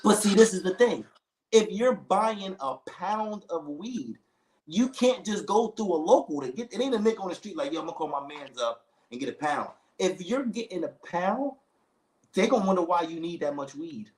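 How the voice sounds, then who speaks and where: A man telling a long story in casual chat, animated, full of slang, acting out the other people in it. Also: sits high, normal speed, echoey room, rough recording.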